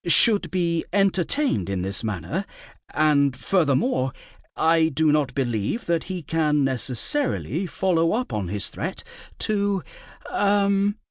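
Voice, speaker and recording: A man's voice: on the high side, very animated, no echo, clean studio sound, pitched above the performer's own voice. A man doing a hesitant, delicate court advisor woman. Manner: hesitant, halting, careful diplomatic phrasing. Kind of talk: audiobook character voice.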